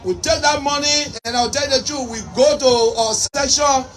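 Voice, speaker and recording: A man with a Liberian English accent giving a political rally speech, shouting and repeating his points rhetorically. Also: very high-pitched, steady tone, normal speed. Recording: distant mic with crowd and noise.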